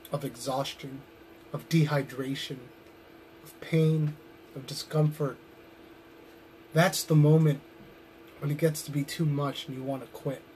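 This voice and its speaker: A man delivering a long wrestling promo as a pro wrestler, brooding and intense, with sudden loud bursts, sounding tired and drained. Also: on the high side, slight background noise.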